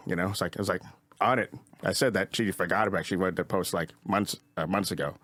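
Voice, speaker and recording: A man's voice: lowish voice, fairly even intonation, fast, a bit bright, no echo. A man guesting as a comedian on a podcast, telling rambling stories full of fillers and swearing. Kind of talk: casual podcast storytelling.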